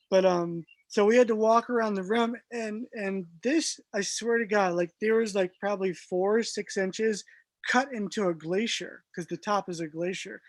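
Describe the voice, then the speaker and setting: A man guest telling a personal story in a casual, animated way, laughing often and using lots of fillers. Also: high-pitched, no echo.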